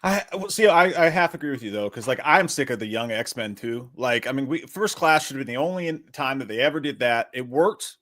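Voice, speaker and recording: A man co-hosting a casual movie news show, relaxed and joking, swearing casually. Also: mid-range voice, fairly quick, hardly any pauses. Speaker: podcast co-host.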